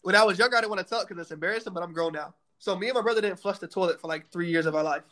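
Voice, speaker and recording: Fast-talking high-voiced young man. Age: 20s. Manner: blunt, profane, animated storytelling. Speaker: podcast co-host. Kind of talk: casual chat.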